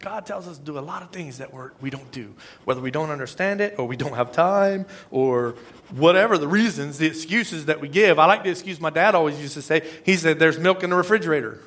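A man preaching a sermon in a casual, conversational way, swinging between loud asides and hushed emphasis. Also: fairly high pitch, a little fast. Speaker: pastor.

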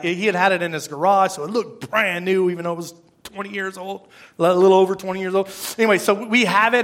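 A man's voice: high voice, fairly bright tone. A man, a pastor, giving a conversational sermon, rambling, repeating words and asking the congregation questions.

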